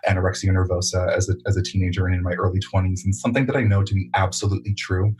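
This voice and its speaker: A man's voice: low voice, noisy background. A man hosting a podcast, speaking thoughtfully and with affirmation. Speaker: podcast host. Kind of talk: podcast conversation.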